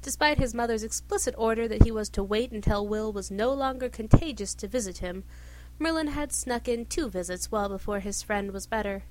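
Woman narrator, expressive storytelling, slightly high voice, reading aloud. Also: brisk. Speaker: reader. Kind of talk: reading fan fiction aloud.

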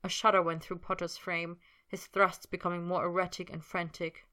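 A woman reading a fan fiction story aloud in steady, unhurried narration. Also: fairly low pitch. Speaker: reader.

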